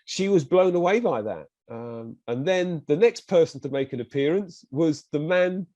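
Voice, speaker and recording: An English man with an English accent, a guest in an interview, telling a personal story in a lively way and acting out what other people said to him. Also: a little high, normal speed, dry recording, muffled recording. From England. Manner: animated, acts out quoted speech of others.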